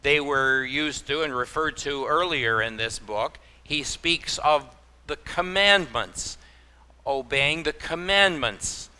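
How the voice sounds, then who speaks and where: Bright-voiced pastor preaching. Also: male voice, medium pitch. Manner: folksy, with homespun exclamations and acted-out anecdotes. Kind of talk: sermon.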